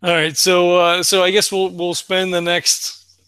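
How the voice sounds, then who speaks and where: A man's voice: high-pitched, little pitch movement, unhurried, bright, forceful tone, clean tone, no echo. A man playing a tabletop game, talking in a hesitant, stammering way. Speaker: player. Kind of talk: tabletop game play, casual chat.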